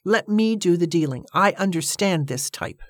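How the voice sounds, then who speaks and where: A woman's voice: fairly low pitch, lively intonation, moderate pace, no echo, clean studio sound. A woman doing a bossy, commanding lady organizer. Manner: firm, commanding, impatient. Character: bossy, imperious middle-aged woman organizer.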